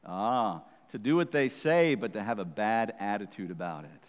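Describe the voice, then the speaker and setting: Conversational, teasing preacher in a hall. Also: male voice, fairly low pitch, expressive, normal speed. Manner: conversational, teasing, frequent "right?" check-ins. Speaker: pastor. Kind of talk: sermon. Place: church. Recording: reverberant church hall.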